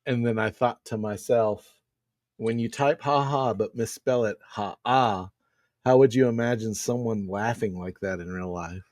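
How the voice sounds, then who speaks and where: A man's voice: on the low side, unhurried, a little mellow, no room sound, studio quality. A man co-hosting a podcast, telling stories in an easygoing, casual way. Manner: laughing often, storytelling, easygoing. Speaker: podcast co-host. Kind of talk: casual chat.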